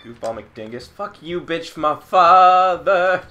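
A man's voice: on the high side, expressive, slow, bright, forceful tone, lo-fi sound. A man making rowdy, crude jokes and giggling while playing a video game with friends. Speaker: let's play commentator. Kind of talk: casual gaming banter. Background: game music.

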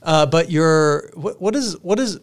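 A man's voice: on the high side, lively intonation, measured pace. A young man hosting an insurance podcast, talking casually and animatedly, laughing and asking rambling questions. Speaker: podcast host. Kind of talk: casual interview chat.

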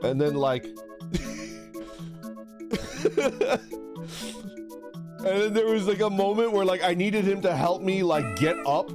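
A man's voice: high-pitched, normal speed, hardly any pauses. A young man chatting casually on a livestream, swearing freely and reading chat aloud. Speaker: streamer. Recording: background music.

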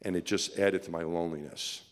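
A middle-aged man telling a story to an audience as a keynote speaker, chuckling and swinging from hushed to excited. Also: low voice, a little fast. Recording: reverberant hall.

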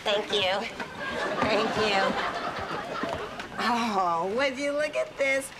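A woman playing a brash, wisecracking nanny in a sitcom, talking fast with quips. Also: medium pitch, a loud crowd. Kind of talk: sitcom acting. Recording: sitcom audio with loud audience noise. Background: studio audience laughter.

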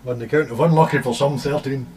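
A man's voice: mid-range voice, fairly even intonation, quick pace. A man chatting jokily to camera before playing an acoustic guitar, rambling and self-mocking. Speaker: busker making home videos. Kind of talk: casual chat to camera, then singing with acoustic guitar. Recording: distant mic with loud guitar.

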